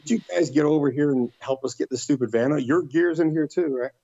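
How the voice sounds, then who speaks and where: A middle-aged man, appearing as a podcast guest, tells a story casually in a fairly high voice at a quick pace. He's animated and acts out other people's lines in livelier voices. The recording is dry and muffled.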